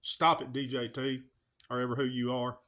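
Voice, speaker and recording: A man's voice: medium pitch, monotone, moderate pace. A man, ranting earnestly to his channel's viewers, pleading and firing off rhetorical questions. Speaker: video channel host. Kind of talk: emotional direct-to-camera rant.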